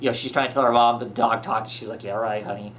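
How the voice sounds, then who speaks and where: A man's voice: medium pitch, little pitch movement, quick pace, a bit bright. A man hosting a podcast, chatting casually as he recaps a comic, full of fillers and restarts. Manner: rambling, many fillers and restarts. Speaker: podcast host.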